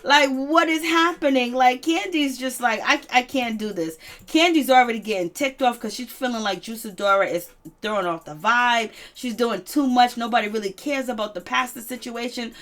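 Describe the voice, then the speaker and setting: A woman's voice: on the high side, moderate pace. Gossipy laughing woman recapping reality TV. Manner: gossipy, laughs often, quotes people dramatically. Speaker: commentary host.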